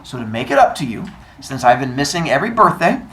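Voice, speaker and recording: A man voicing a booming, fatherly male sun god who makes loud, slow, grand pronouncements. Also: very animated, reverberant, low-quality recording.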